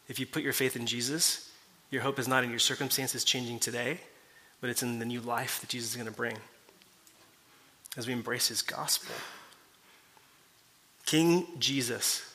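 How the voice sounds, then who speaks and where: Male pastor, mid-pitched and bright, earnest sermon delivery with questions to the room. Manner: earnest preaching, rhetorical questions to the congregation.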